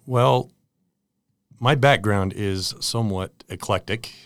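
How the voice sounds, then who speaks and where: A man's voice: fairly low pitch, takes it slowly, no echo. An American man in his forties, a guest in an interview, telling stories in a chatty way with laughs. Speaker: guest, product manager. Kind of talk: casual interview storytelling.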